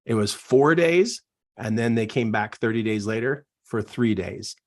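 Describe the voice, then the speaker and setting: A man giving an emphatic, repetitive motivational talk as a business coach, animated and preaching. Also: mid-range voice, measured pace. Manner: animated, acts out quoted voices.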